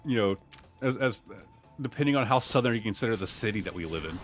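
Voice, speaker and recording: A man's voice: quick pace, faint music behind. A man from Ohio streaming a game, chatting casually with a voice that jumps up and down and bursts out when things go his way. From Ohio, USA. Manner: lively pitch that jumps up and down, excitable outbursts. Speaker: gaming streamer. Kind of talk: casual gameplay commentary.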